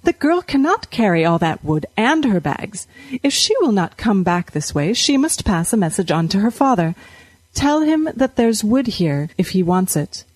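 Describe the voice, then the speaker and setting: A woman voicing a bustling, plump, motherly wheelwright's wife who talks in a brisk, scolding way. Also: medium pitch, big pitch swings, a little mellow, no echo.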